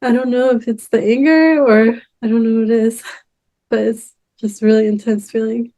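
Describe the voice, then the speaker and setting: A woman's voice: a little high, steady tone, moderate pace, mellow, rough recording. A woman in a therapy session, hesitant and searching for words, laughing through tears. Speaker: client.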